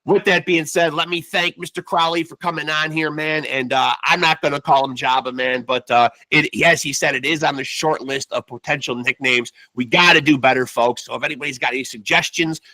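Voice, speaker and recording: A man's voice: a little high, fairly even intonation, a little fast, hardly any pauses, sharp tone, dry recording. A man in his fifties from the States hosting a boxing podcast, chatty and stammering, dropping "man" into nearly every sentence. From United States. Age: 50s. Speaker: podcast host. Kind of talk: casual interview podcast.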